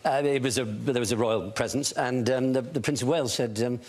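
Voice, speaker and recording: A man's voice: medium pitch, brisk, darkish tone. A man, a talk show guest and author, tells a story eloquently and theatrically, acting out the voices of the people in it. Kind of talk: anecdotal storytelling.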